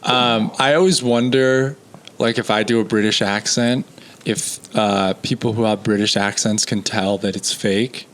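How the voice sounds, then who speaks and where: A man's voice: on the low side, fairly even intonation, a little slow, fairly bright tone. An American man, a comedian guest on a podcast, chatting in a laid-back, blunt way. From United States. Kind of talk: casual podcast chat.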